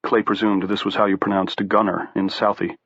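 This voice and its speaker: Low-voiced male audiobook narrator, dry and dull. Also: level tone, fairly quick, fairly bright tone, no room sound. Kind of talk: scripted narration.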